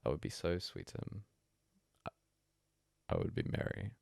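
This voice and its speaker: A man reading a bedtime story aloud as a hushed, breathy first-person monologue. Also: low-pitched, wildly swooping pitch, normal speed, dry recording, clean studio sound. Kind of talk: soft-spoken story reading.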